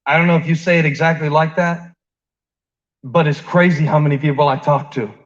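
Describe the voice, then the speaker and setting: A preacher whose voice sits high for a man, delivering a chatty sermon. He draws the congregation in with questions and jokes, then drops soft before climbing again. The recording sounds muffled and lo-fi. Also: steady tone, fairly quick. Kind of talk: conversational sermon. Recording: dull lo-fi sound.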